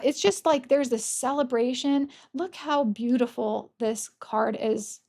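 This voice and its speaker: A woman doing a casual, gentle pick-a-card tarot reading, gushing over the cards and openly emotional. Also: a little high, vocal fry. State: tearful at times. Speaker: tarot reader.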